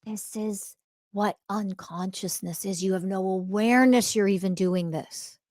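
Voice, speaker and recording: A woman's voice: mid-range voice, steady tone, normal speed, a little mellow, no room sound, clean studio sound. A woman podcast host teaching spirituality in a blunt monologue, swearing often and firing rhetorical questions, repeating key phrases for emphasis.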